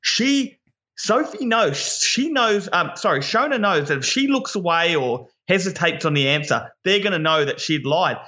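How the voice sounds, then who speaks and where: A man co-hosting a podcast in casual chat, animated and tripping over repeated words when excited. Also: fairly high pitch, highs cut off. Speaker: podcast co-host.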